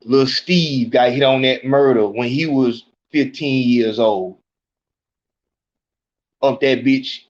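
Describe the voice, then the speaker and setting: A man hosts a podcast and delivers blunt, profane street commentary in a preachy tone. He talks slowly and deliberately at a middle pitch. The recording sounds dull and lo-fi. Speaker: podcast host.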